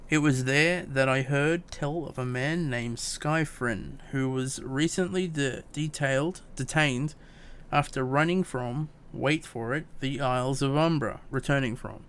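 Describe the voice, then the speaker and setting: A man's voice: mid-range voice, measured pace, few pauses, fairly bright tone, clear, resonant tone. A man reading game dialogue aloud as a fussy, long-winded young woman scholar, stumbling over words. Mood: prim.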